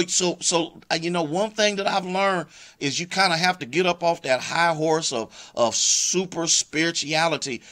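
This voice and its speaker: A pastor with an American accent and a somewhat high, slightly bright voice preaches a live-streamed sermon. Fervent and personal, he greets viewers by name along the way, with many restarts and repeated words.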